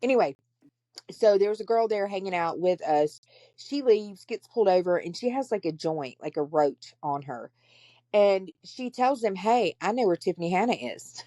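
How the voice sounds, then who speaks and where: A woman's voice: medium pitch, animated, moderate pace, mellow, dry recording. A woman hosting a podcast, telling her story candidly and bluntly, with plenty of profanity. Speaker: podcast host. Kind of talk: casual storytelling chat.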